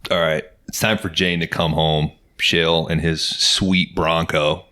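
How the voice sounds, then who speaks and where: A man with a very low, deep voice talks through a movie plot in relaxed, swear-heavy podcast chat. He keeps a loose, easygoing delivery, slipping into quoted lines as he goes. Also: measured pace. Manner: laid-back, profane, acts out quotes with laughs. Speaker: podcast host. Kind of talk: casual movie recap chat.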